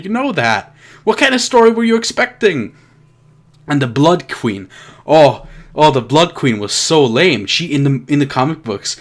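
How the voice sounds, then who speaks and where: A young man reviewing a film, ranting with lots of swearing and mocking impressions of the characters. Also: on the high side. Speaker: movie reviewer.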